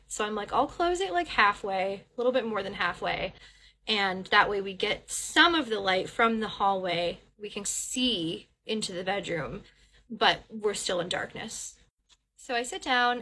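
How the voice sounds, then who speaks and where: Bright-voiced woman telling a ghost story. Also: mid-range voice, slight background noise. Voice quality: animated retelling with quoted dialogue. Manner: rambling with frequent restarts and fillers; swears when telling the scary part. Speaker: guest storyteller. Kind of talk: casual first-person ghost story.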